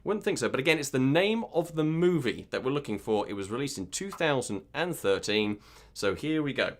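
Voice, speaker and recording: A man's voice: medium pitch, sing-song, brisk. A British man hosting an online pub quiz, upbeat and teasing as he reads out questions and viewers' answers. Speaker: quiz host.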